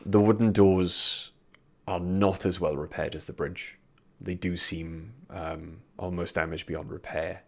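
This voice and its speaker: A man's voice: low voice, fairly even intonation, a little slow, darkish tone. A British man running a tabletop game as dungeon master, narrating casually with lots of ums and restarts. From Britain.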